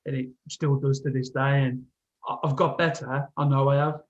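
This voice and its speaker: A man's voice: medium pitch, flat delivery, lo-fi sound. A man in casual podcast chat, stumbling and restarting as he talks about himself. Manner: halting, stammering restarts. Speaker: podcast co-host.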